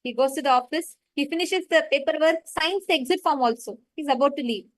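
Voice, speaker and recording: A woman's voice: high-pitched, fairly quick, no room sound, low-quality recording. A woman facilitating a live online meditation session, retelling a story and stressing her points.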